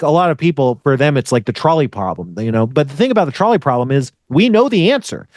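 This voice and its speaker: A man co-hosting a podcast, ranting with passion in casual talk, swearing often and trailing off into low mutters. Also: no room sound, clean studio sound. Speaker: podcast co-host.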